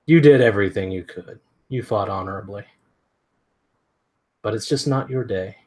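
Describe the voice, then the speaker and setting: Man playing a cruel ronin swordsman, smug, mocking, low husky voice, unhurried. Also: a little mellow, lightly acted. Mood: condescending. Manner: mocking, coolly condescending.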